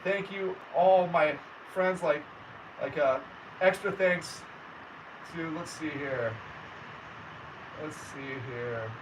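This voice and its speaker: A man's voice: fairly high pitch, slow, long pauses. A man, chatting casually with viewers on a livestream and greeting them by name. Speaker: livestream host. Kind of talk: casual livestream chat reading comments. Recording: distant mic with faint background noise.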